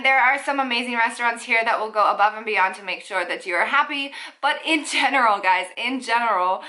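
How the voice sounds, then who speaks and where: A young Canadian woman talks to her camera in a chatty, upbeat vlog, tossing in playful asides as she goes. Her voice sits a little high and has a bright, forward ring to it. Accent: Canadian English. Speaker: vlogger. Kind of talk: casual vlog talk to camera.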